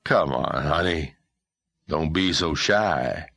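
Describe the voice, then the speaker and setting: A man voicing a drunk, menacing brute in a historical audiobook, speaking in a slow, leering drawl. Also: rumbling low, animated, creaky, pushed and bright, no room sound, exaggerated voice.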